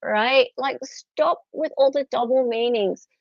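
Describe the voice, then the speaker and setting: Chatty Australian woman, high voice. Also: takes it slowly, dry recording. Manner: chatty, animated, laughs often. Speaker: host of live stream. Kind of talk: casual live stream chat. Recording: dull, dry, slightly lo-fi.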